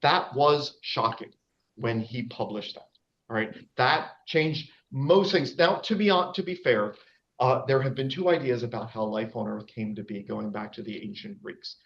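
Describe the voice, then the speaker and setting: In a dull lo-fi recording, a lecturer and nature guide talks informally about wildlife to the public in a medium-pitched, fairly bright voice at normal speed. He chats freely, keeps asking his audience "all right?", and fills his speech with fillers and restarts.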